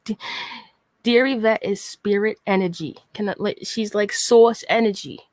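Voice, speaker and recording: Her mid-range voice carries a darkish tone and moves a little slowly as this woman vlogger rants with sarcasm and exasperation, sighing and naming her target again and again. It's casual commentary with no echo.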